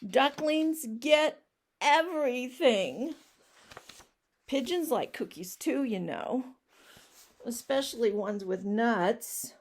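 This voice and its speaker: A woman doing a loud, whiny pushy pigeon. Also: a little high, slow. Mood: indignant. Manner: loud, insistent, complaining. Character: pushy, whiny male pigeon who demands things.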